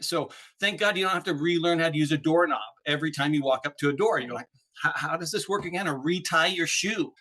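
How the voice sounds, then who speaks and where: Bright-voiced animated man explaining. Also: high-pitched. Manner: animated, explanatory, peppers talk with "right?". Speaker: podcast guest, speaker on neuroplasticity. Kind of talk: casual interview chat.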